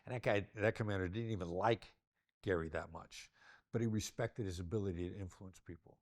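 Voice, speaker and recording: Older male negotiation expert, low voice, plays with his tone to show each point. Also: fairly quick, a little mellow, dry recording, studio quality. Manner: demonstrative, varies tone to illustrate points. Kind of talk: interview conversation.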